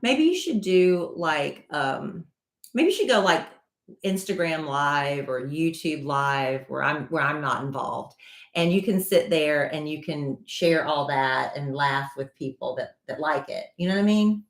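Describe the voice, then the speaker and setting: Woman podcast co-host, dry, teasing, lowish voice, echoey room. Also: expressive, measured pace. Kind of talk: casual podcast banter.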